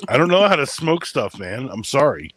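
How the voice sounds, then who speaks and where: A man's voice: mid-range voice, sing-song, normal speed, fairly bright tone. A man hosting a casual podcast chat, rambling and self-mocking, laughing often. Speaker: podcast host.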